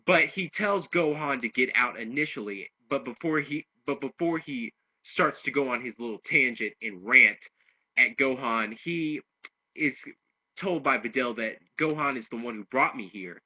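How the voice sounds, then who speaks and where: A man's voice: medium pitch, normal speed, husky. A man casually recapping and reviewing an anime episode, rambling through the plot with restarts. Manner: rambling retelling with restarts, acting out quoted lines. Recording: dull lo-fi home recording.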